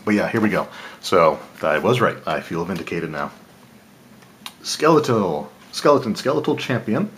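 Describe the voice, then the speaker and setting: A man's voice: sits low, normal speed, a little hiss or hum. A man casually talking through an unboxing, thinking aloud and correcting himself as he goes. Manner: relaxed, thinking aloud, small laughs and self-corrections. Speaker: channel host reviewing game cards.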